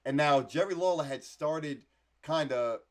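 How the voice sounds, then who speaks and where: A man co-hosting a podcast, telling stories in an animated way, swearing freely and laughing often. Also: fairly high pitch, measured pace. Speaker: podcast co-host. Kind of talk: casual podcast chat.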